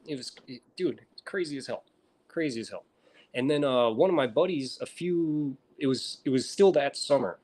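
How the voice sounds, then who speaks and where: An American man in casual chat, swearing constantly and telling stories with animated energy. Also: mid-range voice, normal speed. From United States. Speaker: reptile breeder streamer.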